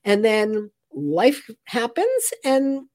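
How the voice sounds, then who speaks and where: A woman in her sixties, a calm and sleep coach, talking expressively in an interview and slipping into slow, soothing guided breathing. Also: a little high. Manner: expressive, playful, shifts into slow soothing guidance.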